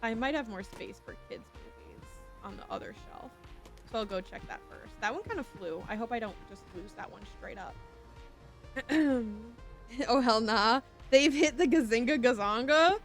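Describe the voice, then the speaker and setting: A woman's voice: on the high side, lively intonation, moderate pace. A young woman streaming a shop game, chatting casually and giggly, reading chat aloud and slipping into a playful whiny voice. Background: game music.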